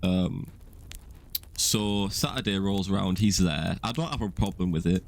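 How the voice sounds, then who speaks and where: A man's voice: low-pitched, measured pace, gravelly, a little hiss or hum. A young man co-hosting a podcast, telling a story in a rambling, self-mocking way with many fillers. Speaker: podcast co-host. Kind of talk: casual storytelling chat.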